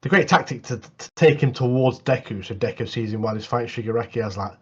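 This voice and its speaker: A man, co-hosting a podcast in animated casual chat. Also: medium pitch, fast talker, breathy edge. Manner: animated, repeats mate a lot. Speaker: podcast co-host. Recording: dull lo-fi mic.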